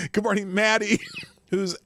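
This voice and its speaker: A man's voice: sits high, a bit bright, no room sound. A man hosting a casual live-streamed morning show, rambling as he greets his viewers by name.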